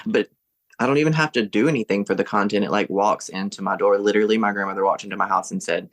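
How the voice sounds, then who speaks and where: A man's voice: lowish voice, quick pace, creaky, fairly bright tone. A man from Mississippi with a mild Southern accent, chatting cheerfully as a podcast guest and laughing often. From Southern United States. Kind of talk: casual interview chat.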